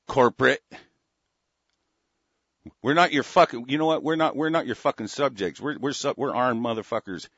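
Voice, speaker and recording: A man's voice: mid-range voice, normal speed, pauses often, a bit bright, breathy edge, no echo. A man in an angry, profane rant, talking in heated bursts with stammering restarts. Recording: dull lo-fi dry recording.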